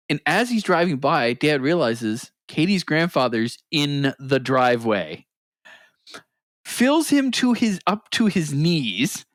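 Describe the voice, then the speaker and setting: A man's voice: mid-range voice, big pitch swings, a little slow, a bit bright, no room sound. A man co-hosting a podcast, telling a story in casual chat, laughing often and acting out quoted lines. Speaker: podcast co-host.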